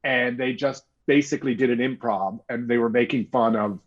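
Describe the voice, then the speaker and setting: Middle-aged interview guest from Canada, husky, spins anecdotes with acted-out quotes. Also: male voice, mid-range voice, normal speed, lo-fi sound. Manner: animated anecdotes with quoted voices. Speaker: guest author. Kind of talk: storytelling interview talk.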